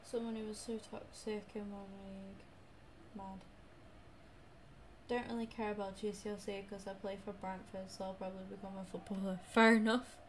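Young woman gamer, rambling self-critical stream talk, mid pitch, slight hiss. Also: flat delivery, moderate pace. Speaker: game streamer. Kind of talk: live gameplay commentary.

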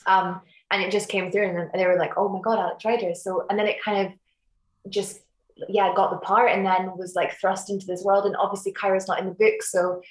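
Young actress, chatty and rambling, mid-pitched, recorded in a roomy space over a video call. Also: female voice, flat delivery, normal speed. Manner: chatty, rambling with many restarts and fillers. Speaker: actress interviewed about her series. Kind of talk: casual interview chat. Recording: echoey room.

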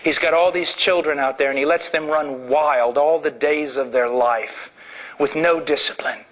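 Man preaching a sermon, high voice, bright edge, fervent, shouts then drops low. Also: moderate pace, poor audio. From Illinois, United States.

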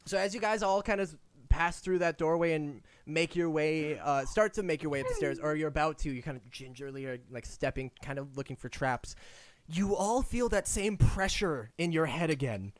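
High-voiced laughing young game master. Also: male voice, normal speed, no echo. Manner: laughs often, loose and chatty. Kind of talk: narrating a tabletop game.

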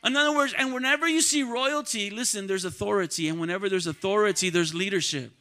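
A man preaching a sermon to his church congregation, calling out to the crowd and swinging between quiet talk and loud shouts. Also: high voice, fast. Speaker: pastor. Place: church sanctuary.

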